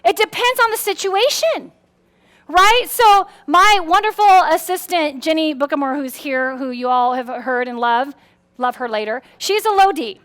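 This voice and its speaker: Woman, very high voice, workshop speaker, animated, acts out quotes, playful, live audience. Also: normal speed. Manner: animated, acts out quotes with big pitch swings. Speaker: speaker on personality styles.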